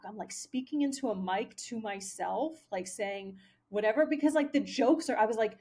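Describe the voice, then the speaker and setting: With a slightly high, somewhat mellow voice, this Pennsylvania woman talks animatedly and a little fast. She's a spiritual vlogger whose casual, rambling monologue is full of profanity and fillers such as "um" and "like."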